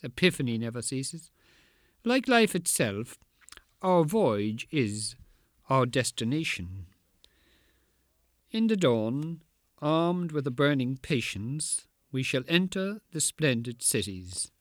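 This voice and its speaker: A man reads poetry in an incantatory, rhythmic way, leaning into dramatic pauses. His mid-pitched voice swings widely up and down through each line. The recording is dry and close, with no room sound. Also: no room sound. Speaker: poet. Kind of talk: poetry reading.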